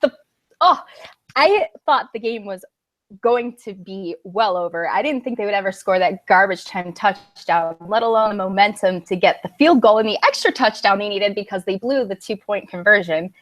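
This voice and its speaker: A woman's voice: mid-range voice, moderate pace. Blunt woman co-hosting sports radio. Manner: blunt, laughing, plainspoken. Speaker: radio co-host. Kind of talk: casual sports talk.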